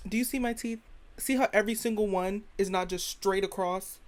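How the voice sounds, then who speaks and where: This is a casual opinion rant from a young woman hosting her own show, her mid-range voice moving a little fast. Sassy, dramatic and blunt, she swears without holding back and repeatedly calls the listener "girl."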